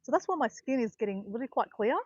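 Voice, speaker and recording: A fifty-ish vlogger strolls outdoors through botanical gardens, chatting in a loose, rambling way and fixing her own words as she goes. Her voice sits on the high side and is husky, animated and quick, on dull audio with no room sound.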